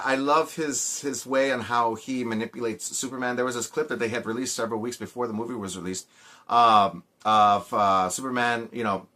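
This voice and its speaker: A man's voice: medium pitch, pushed and bright. A man giving a casual movie review, rambling with many fillers and restarts and often sounding exasperated.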